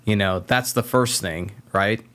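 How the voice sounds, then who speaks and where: A young man with a fairly low voice talks as a podcast guest. He is animated, acts out what others said, and often restarts his sentences. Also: unhurried. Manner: animated storyteller, acts out quotes, many restarts. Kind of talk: casual podcast interview.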